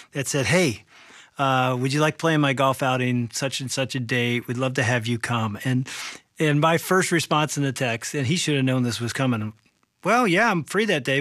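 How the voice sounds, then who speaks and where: A man's voice: mid-range voice, a bit bright, dry recording, studio quality. A middle-aged man, a podcast co-host and chaplain, telling a story in a casual chat and acting out other people's lines with laughs.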